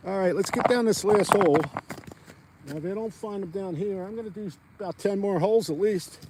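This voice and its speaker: A man's voice: sits high, fairly quick, background noise. A man, chatting rambly to viewers while ice fishing outdoors on a frozen pond. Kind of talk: casual outdoor vlog chat.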